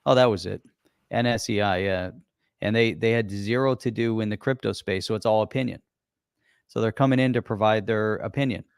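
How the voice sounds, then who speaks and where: A man co-hosting a casual crypto chat, his voice low and gravelly. He talks in a laid-back way on a dry, close mic. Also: a little fast, no room sound. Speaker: co-host.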